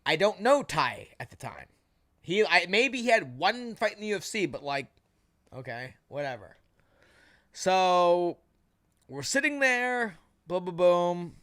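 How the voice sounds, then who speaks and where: Animated high-voiced man telling stories. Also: unhurried, long pauses. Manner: animated storyteller, swears freely. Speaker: podcast co-host and fighter. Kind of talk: casual chat, telling a story.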